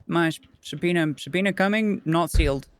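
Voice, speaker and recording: A man's voice: on the high side, fairly quick, clean tone, no echo. A man in character as a police officer in roleplay chat, casual and a bit hesitant.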